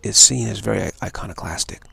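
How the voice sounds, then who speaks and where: A man's voice: on the low side, fast talker, creaky, pushed and bright, slightly rough, dry recording. A man giving an earnest spiritual talk on a livestream, emphatic and repeating his key points. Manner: earnest, emphatic, given to repetition. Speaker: spiritual speaker.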